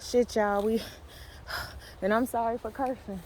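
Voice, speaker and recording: A woman with a high-ish, steady voice leads a casual cemetery walking tour outdoors in the wind, speaking a little slowly and pausing often. Recording on a handheld phone camera, she chats with viewers, says sorry for swearing, and cries out when something startles her.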